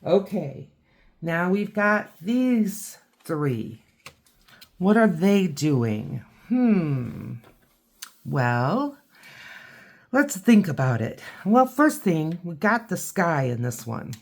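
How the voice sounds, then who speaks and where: A woman with a low voice talks slowly through a beginner painting lesson. She chats and thinks aloud as she works, easygoing and unhurried. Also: very animated, vocal fry. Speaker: art teacher. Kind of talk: watercolor tutorial.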